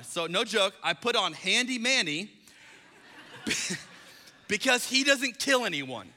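Bright-voiced man preaching in a reverberant hall. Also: high-pitched, moderate pace. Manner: storytelling, animated, acts out dialogue. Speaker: pastor. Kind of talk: sermon.

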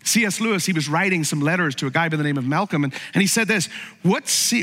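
A male pastor delivers a sermon with a fairly high voice. He talks conversationally, repeating short phrases and tossing out rhetorical questions. The sound carries a long reverb, as in a large hall. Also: animated, fast, sharp tone.

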